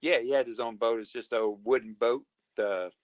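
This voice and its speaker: Halting, polite man. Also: mid-range voice, fairly even intonation, no echo, highs cut off. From Mobile County, Alabama. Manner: halting, many fillers and restarts, polite. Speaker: guest. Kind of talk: casual conversation.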